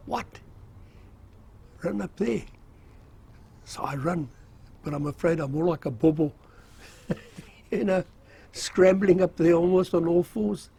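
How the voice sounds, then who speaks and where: A man's voice: fairly high pitch, measured pace, gravelly, long pauses, warm tone, slight background noise. An older man casually recounting his army days in a rambling, self-mocking way, with fillers and chuckles. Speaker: storyteller recalling army service. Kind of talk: casual spoken memoir.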